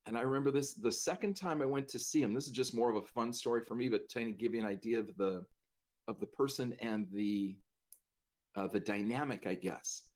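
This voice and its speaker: A man recounts a personal memory conversationally, his voice mid-pitched and ordinary. He talks in a loose, self-deprecating way, with restarts and bursts of laughter along the way. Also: darkish tone. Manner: casual, self-deprecating, laughs through the telling. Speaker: speaker telling a personal story. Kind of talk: conversational storytelling.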